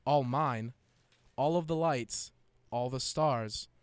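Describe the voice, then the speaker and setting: Slow, smooth-voiced young man reading a list. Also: mid-range voice, no echo. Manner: reads a list flatly, breaks into giggles. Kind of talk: casual chat.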